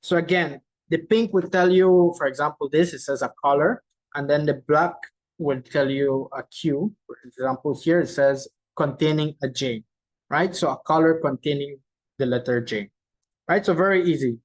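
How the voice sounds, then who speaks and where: Over a video call at a virtual conference, a host casually leads a chat quiz game in a mid-range voice. They repeat every clue slowly, read out answers people type in the chat, and keep adding a loose, chatty "right?" The audio is poor.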